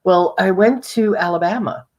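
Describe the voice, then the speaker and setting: Animated, lower-voiced coaching woman. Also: moderate pace. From New York. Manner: animated, swings pitch up high for emphasis; rhetorical questions to the audience. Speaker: guest speaker on sales presentations. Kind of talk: coaching talk to viewers.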